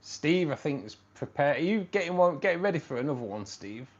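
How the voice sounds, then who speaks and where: A man's voice: fairly high pitch, big pitch swings, a little fast. A man with a Manchester accent hosting a casual live stream, rambling, repeating himself and calling everyone "mate". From Manchester, England. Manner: rambling, repeats phrases, says "mate" a lot. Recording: dull lo-fi stream audio.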